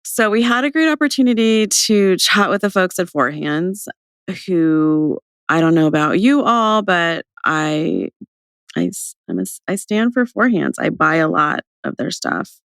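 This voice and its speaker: Young woman podcast cohost, bubbly and chatty, lively swoopy pitch, raspy fry from a cold, dry close mic. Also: unhurried, no room sound. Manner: bubbly, chatty, laughing often. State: recovering from a cold, vocal fry. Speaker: podcast co-host. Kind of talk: casual chat.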